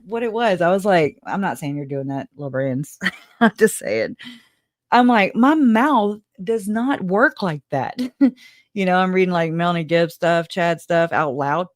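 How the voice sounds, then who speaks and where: A woman's voice: sits low, no room sound, studio quality. A woman hosting a casual livestream and reading viewer comments aloud. She rambles, laughs often, swears casually and sounds emotional and grateful. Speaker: livestream host.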